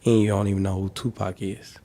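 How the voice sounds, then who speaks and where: A man doing a joking street interview, deadpan and riffing with acted-out voices. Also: lowish voice, fast talker, gravelly, a little hiss or hum.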